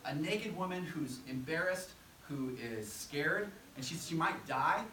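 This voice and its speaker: A man's voice: fairly high pitch, lively intonation, unhurried, bright, forceful tone, slight background noise. A young man preaching a sermon, earnest and conversational, acting out quotes as he goes. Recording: echoey room, from a distance.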